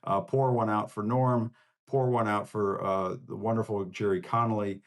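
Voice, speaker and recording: Low-voiced man hosting a casual show. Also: level tone, moderate pace. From Northern Virginia, US. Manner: conversational, rambling and personal. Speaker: host. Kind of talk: casual livestream sign-off.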